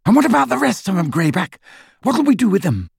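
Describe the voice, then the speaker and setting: A man voicing a jittery, scrappy male bounty hunter with a strained, raspy whine. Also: high-pitched, big pitch swings, fairly quick, no echo, studio quality, pitched above the performer's own voice, exaggerated voice. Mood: nervous. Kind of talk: audiobook character voice.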